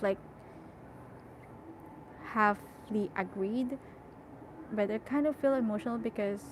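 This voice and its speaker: A young woman reads a novel aloud at a middle pitch and often catches her own slips. She breaks off into chatty, emotional asides, with a faint ambient hiss behind her. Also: rough recording. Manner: emotional, self-correcting, chatty. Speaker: audiobook reader.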